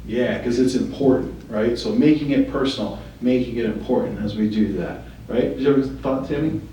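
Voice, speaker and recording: A man's voice: mid-range voice, brisk, warm tone, highs cut off, a little hiss or hum. A man leading a training session, asking the group questions and giving feedback. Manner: coaching, asks the group questions. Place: training room. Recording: echoey room from far off.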